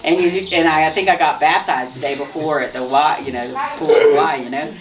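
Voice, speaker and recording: A woman telling her personal testimony in a lively way, often laughing and restarting her sentences. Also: low voice, brisk, a loud crowd. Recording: distant mic with noise.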